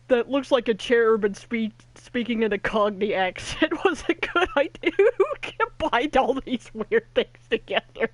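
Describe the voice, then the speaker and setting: A woman's voice: on the high side, a little slow, dry recording. A woman hosting a let's-play video, chatting casually, giggling often and trailing off mid-thought. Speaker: gaming video host.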